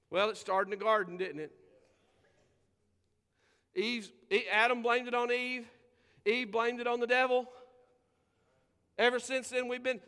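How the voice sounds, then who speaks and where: High-voiced preacher in an echoing hall. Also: male voice, pushed and bright, clean tone. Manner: emphatic preaching, drawn-out quotes, conversational asides. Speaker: pastor. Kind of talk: sermon. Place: church sanctuary.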